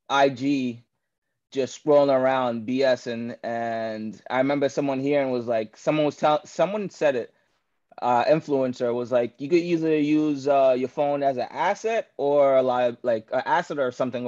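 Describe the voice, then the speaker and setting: A man's voice: medium pitch, fairly even intonation, a little slow, a little mellow. A man from Queens, New York, a guest on a live show, answering hesitantly with many fillers. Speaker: guest caller. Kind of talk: casual interview on a live stream. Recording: dull, lo-fi call audio.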